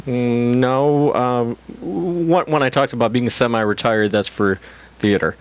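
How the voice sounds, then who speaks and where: A middle-aged man talks casually as a guest on a talk show. He delivers his stories with a dry, deadpan, self-mocking wit. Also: medium pitch, measured pace, smooth. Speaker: guest actor. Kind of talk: casual chat.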